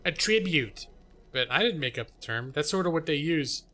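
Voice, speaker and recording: A man's voice: on the high side, a little fast, a bit bright. A man chatting casually on a live gaming stream, rambling and self-deprecating, with casual swearing. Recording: faint music behind.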